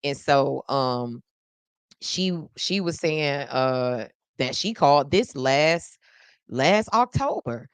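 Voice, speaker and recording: Woman running a live reaction stream, chatty and excitable, clear smooth voice, dry close sound. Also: very deep voice, slow, dry recording. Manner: animated, chatty, talks straight to viewers; exclaims often and repeats phrases for effect. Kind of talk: casual live-stream commentary.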